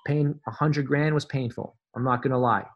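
A man's voice: mid-range voice, steady tone, normal speed, muffled recording. A man guesting on a podcast as a fitness business coach, talking in an emphatic, motivational way and repeating phrases for effect. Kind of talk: conversational interview.

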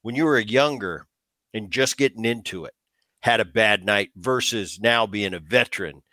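A man's voice: lowish voice, moderate pace, sharp tone, no room sound. A man in his fifties, a former ballplayer hosting a casual interview, asking long, rambling questions. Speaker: host, former baseball player.

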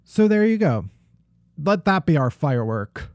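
A man's voice: on the high side, sing-song, measured pace, very noisy. A man co-hosting a podcast, chatting casually with a playful, self-mocking humor. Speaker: podcast co-host. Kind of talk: casual chat.

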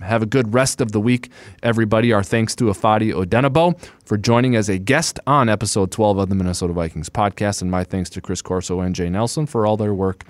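A man hosting a sports podcast, moving briskly through segments like an announcer. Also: on the low side, dry recording. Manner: brisk, announcer-like wrap-ups. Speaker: podcast host.

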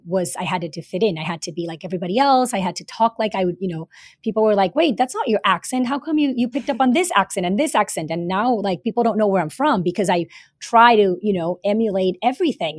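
A woman's voice: mid-range voice, a little mellow, dry recording. Earnest woman guest, dry close sound. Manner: earnest, many fillers and repeated words. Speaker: guest, author and former teacher. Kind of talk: casual interview talk.

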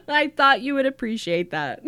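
A woman's voice: high voice, fairly bright tone, no echo. A woman co-hosting a podcast, animatedly retelling a story and reading a diary entry aloud, laughing often. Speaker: podcast co-host.

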